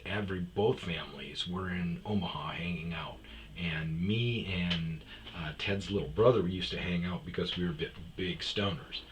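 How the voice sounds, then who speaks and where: A man's voice: sits low, fairly bright tone, a little hiss or hum. A middle-aged man hosting a podcast, telling rambling, profane comic stories and acting out the lines of the people in them. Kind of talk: casual comedic storytelling.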